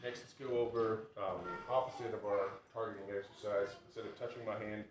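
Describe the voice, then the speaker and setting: A man's voice: lowish voice, brisk. Man dog trainer, distant roomy sound. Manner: relaxed, instructive, praising the dog. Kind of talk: outdoor training demonstration. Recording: roomy, distant mic with loud noise.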